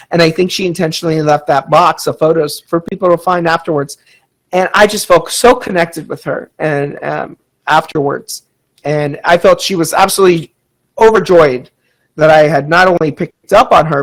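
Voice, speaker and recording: Male podcast host with a slightly high voice, loose and rambling, frequent ums. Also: poor audio. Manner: rambling, chatty, with frequent fillers; reads out audience chat comments. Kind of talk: casual storytelling podcast.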